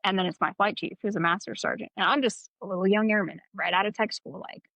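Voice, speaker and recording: A woman's voice: mid-range voice, steady tone, fast talker, vocal fry, fairly bright tone, no room sound. A young adult woman co-hosting a podcast and telling a candid, profane story in casual chat. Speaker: podcast co-host. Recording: slightly dull, dry sound.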